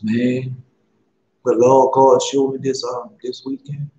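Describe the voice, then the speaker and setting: A man's voice: mid-range voice, level tone, slow, warm tone. Pleading man preaching in an echoey room. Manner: pleading, repetitive, casual preaching. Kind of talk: impassioned street-style sermon. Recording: echoey, muffled, slightly noisy recording.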